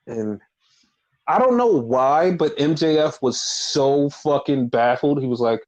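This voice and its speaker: A man's voice: fairly high pitch, expressive, a little slow, a little mellow, muffled recording. A man co-hosting a casual podcast, swearing freely and acting out quotes in mocking voices. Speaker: podcast co-host. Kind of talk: casual chat.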